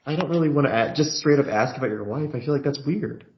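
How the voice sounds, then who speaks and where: A man's voice: medium pitch, fast talker, background noise. A man co-hosting a comedy podcast, hesitant and unsure while improvising his role. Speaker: podcast co-host. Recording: dull, lo-fi podcast mic.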